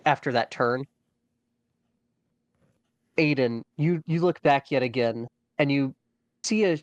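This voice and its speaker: A man narrates a tabletop dungeon crawl as its game master. He talks slowly and haltingly, with many fillers and restarts. His voice is mid-pitched and sits close and dry, with no room around it. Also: no room sound, muffled recording.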